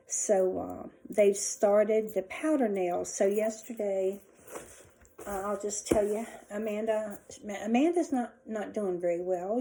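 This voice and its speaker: A middle-aged woman tells a long personal story to her viewers from home. Her voice is mellow and warm. She rambles and restarts her sentences often. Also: medium pitch, low-quality recording. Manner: rambling, chatty, many restarts and asides. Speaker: vlogger. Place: indoors at home.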